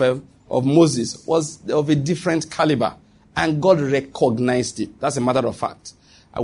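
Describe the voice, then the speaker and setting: A man preaching a sermon, reading scripture slowly and earnestly, with some restarts. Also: a little high.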